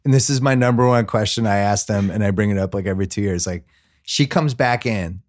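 A middle-aged man hosting a casual podcast interview, his voice sitting a little low. He asks questions in an easy conversational way and keeps the chat going with short affirmations. The recording is dry and close. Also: brisk, no room sound. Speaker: podcast host.

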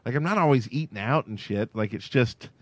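A man's voice: medium pitch, expressive, fairly quick, dry recording. A man co-hosting a podcast, chatting casually and rambling with lots of "like" fillers. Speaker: podcast co-host. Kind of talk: casual chat.

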